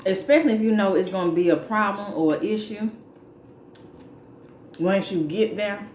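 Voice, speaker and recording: A woman talks casually as she eats, easygoing and repetitive, laughing between her points. Her voice sits at a middle pitch. The room is echoey, with faint noise underneath. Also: normal speed. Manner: relaxed, chatty, repeats points, laughs between lines. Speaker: mukbang vlogger. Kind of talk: casual advice talk while eating.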